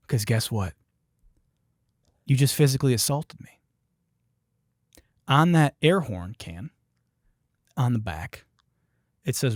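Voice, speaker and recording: Lively, profane storyteller man from Detroit. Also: on the low side, takes it slowly, long pauses, breathy edge, dry recording, studio quality. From Detroit, United States. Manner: profane, animated, emphatic. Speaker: podcast host. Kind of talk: comedic storytelling.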